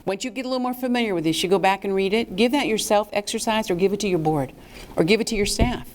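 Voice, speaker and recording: A woman presenting a fundraising workshop to a live audience in a lively, chatty way. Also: medium pitch, fast. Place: meeting room with a live audience.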